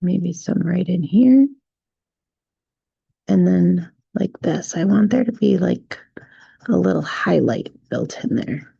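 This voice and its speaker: A woman leads a relaxed drawing tutorial in a low, mellow voice with a strong gravelly texture. She explains each stroke patiently and checks in often with the viewer. The recording is dry and a little dull, as if on a modest mic. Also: dry recording. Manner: gentle, unhurried, narrates each stroke with "right?" checks. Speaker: drawing instructor.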